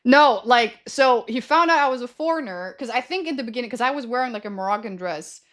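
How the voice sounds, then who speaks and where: A woman's voice: a little high, lively intonation, fast talker, fairly bright tone. A young adult woman livestreamer telling stories to her chat in a rambling, slangy way, often correcting herself mid-sentence. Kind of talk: casual storytelling to stream chat.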